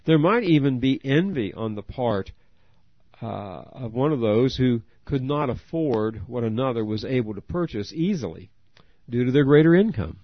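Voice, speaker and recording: A man's voice: medium pitch, lively intonation, moderate pace, no echo. A man preaching a sermon, earnest, asking his listeners direct questions. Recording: dry, dull lo-fi audio.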